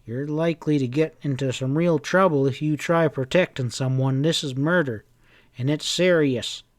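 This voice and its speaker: A man reading aloud and voicing a suspicious male hotel proprietor, sharp and demanding. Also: on the high side, moderate pace, natural voice. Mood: accusing.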